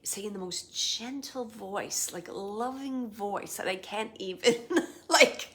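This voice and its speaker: A woman medium gives a spirit reading at an unhurried pace, her voice sitting at an ordinary middle pitch. She talks softly and haltingly, often slipping into a whisper while she searches for the right words. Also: slight background noise. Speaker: psychic medium.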